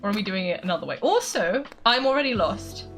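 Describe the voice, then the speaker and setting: A woman's voice: mid-range voice, lively intonation, fast, a bit bright, soft background music. A young woman streamer chatting casually while she plays a game, laughing often. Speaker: gaming streamer.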